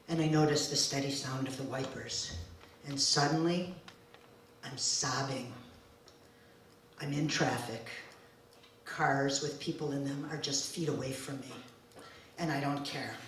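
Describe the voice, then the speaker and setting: A woman in her forties telling a personal story live on stage, slow, deliberate and emotional in the first person. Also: sits low, slight background noise. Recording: very echoey room, distant mic, faint ambience.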